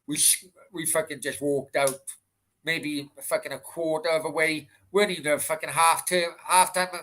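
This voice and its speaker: A man's voice: a little high, fairly even intonation, moderate pace, bright, forceful tone. A man hosting a football live stream, telling a rambling anecdote and swearing constantly. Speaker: football channel host.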